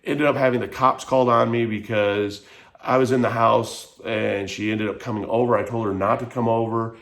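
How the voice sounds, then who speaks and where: A man's voice: medium pitch, fairly even intonation, normal speed, a bit bright. A man frankly telling a personal story in a vlog, emotional and rambling, with lots of "like". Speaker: vlogger.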